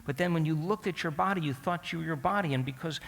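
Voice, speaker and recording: Man, slightly high bright voice, animated storytelling talk, questions to the audience, long hall reverb. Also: fast, gravelly. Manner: acts out his own past thoughts in quotes. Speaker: speaker teaching an audience. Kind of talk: storytelling lecture.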